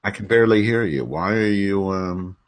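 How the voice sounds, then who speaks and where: A man's voice: fairly low pitch, normal speed. A man co-hosting a casual podcast, testing his desk mic over a call and bickering crudely with his co-host. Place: workplace room with a fan.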